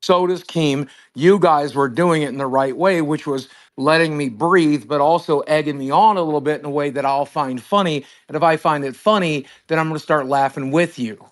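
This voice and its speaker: A man's voice: on the high side, moderate pace, hardly any pauses. A man hosting a livestream, telling a heated phone-call story with lots of swearing and acted-out dialogue. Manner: profane, emphatic, acts out both sides of a phone call. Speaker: streamer host.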